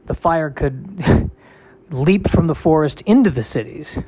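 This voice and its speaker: A man's voice: fairly high pitch, expressive, normal speed, a little mellow. Wry rambling male comedian. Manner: rambling, self-deprecating, wry. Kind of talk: casual solo comic monologue.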